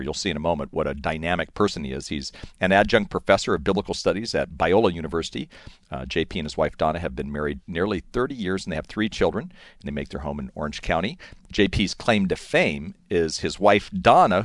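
A man's voice: sits low, dry recording, clean studio sound. A middle-aged man hosting a radio show, introducing his guest and bantering with him. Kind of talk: radio interview.

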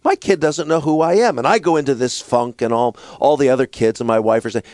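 A middle-aged man telling stories in a relaxed conversation as a guest, sometimes slipping into a squeaky toddler voice. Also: fairly quick, hardly any pauses, no room sound, studio quality. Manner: animated storyteller, mimics a toddler in a high squeaky voice. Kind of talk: conversational storytelling.

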